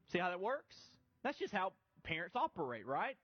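A middle-aged pastor with a notably high voice preaches in a relaxed, conversational way, stumbling over and restarting his words as he goes. The sound is dry and a little dull. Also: moderate pace, hardly any pauses, husky, no echo. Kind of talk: sermon.

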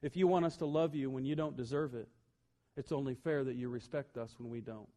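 A man preaching a sermon as pastor, telling humorous personal stories and swinging from loud emphasis to quiet, earnest asides. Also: mid-range voice, steady tone, brisk.

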